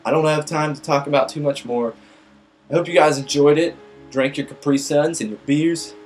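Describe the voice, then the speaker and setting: A man's voice: fairly high pitch, fairly even intonation, moderate pace, darkish tone, faint music behind, low-quality recording. A young man casually telling a rambling, profane story to his viewers. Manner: rambling, filler-heavy, profane. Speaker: vlog host.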